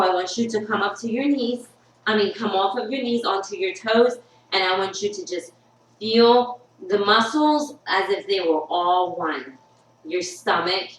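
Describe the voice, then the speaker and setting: A woman's voice: medium pitch, fairly bright tone, a little hiss or hum. A woman leading a home workout as a fitness instructor, upbeat and encouraging, chatting and telling stories between cues. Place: her workout studio, indoors. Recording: echoey room with faint music.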